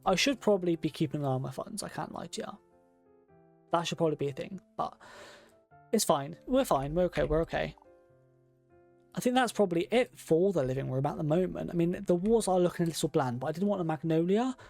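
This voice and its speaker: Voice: medium pitch, creaky, a little mellow. A game streamer, chatting casually and thinking aloud while decorating a room in a game. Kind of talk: casual gameplay commentary.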